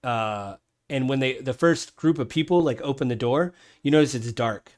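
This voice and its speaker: A man's voice: medium pitch, moderate pace, darkish tone. Rambling man running a tabletop game. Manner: rambling, full of ums and restarts. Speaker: game master.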